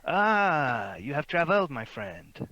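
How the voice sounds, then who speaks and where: A man's voice: fairly high pitch, big pitch swings, takes it slowly, sharp tone, dry recording, muffled recording, pitched above the performer's own voice, full character voice. A man voicing a foppish male gambler with a put-on French accent, airy and theatrical. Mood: pompous.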